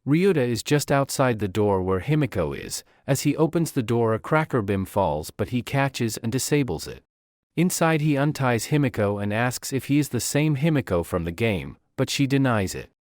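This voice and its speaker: A man narrating an anime recap in a steady, scripted storytelling delivery. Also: medium pitch, moderate pace, no echo, clean studio sound.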